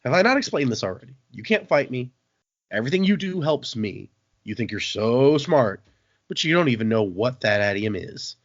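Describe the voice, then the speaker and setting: A man's voice: mid-range voice, big pitch swings, moderate pace, no echo. Gloating destruction god, smug and talking down, man reading it in a podcast. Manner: taunting, condescending. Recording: dull, dry lo-fi podcast audio.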